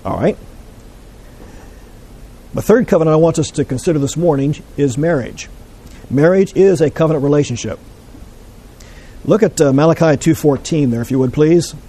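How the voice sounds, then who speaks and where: A man teaching a Bible class, explaining scripture in a measured way and putting questions to his listeners. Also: on the high side, warm tone, rough recording.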